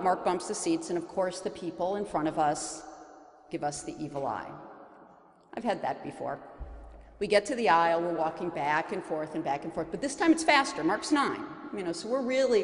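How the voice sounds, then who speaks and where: A woman's voice: lowish voice, lively intonation, fairly quick. Heartfelt woman storyteller in an echoey hall. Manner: earnest and heartfelt, with emphatic lifts. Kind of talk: personal storytelling on stage.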